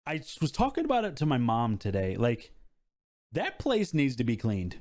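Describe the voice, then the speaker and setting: Man, podcast co-host, lively pitch swings, casual chat. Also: normal speed. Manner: animated storyteller, expressive pitch swings.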